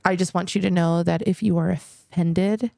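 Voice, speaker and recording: A woman's voice: lowish voice, fairly even intonation, normal speed, vocal fry, darkish tone, dry recording, clean studio sound. A woman co-hosting a podcast in casual chat, blunt and giggly, often laughing. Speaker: podcast co-host.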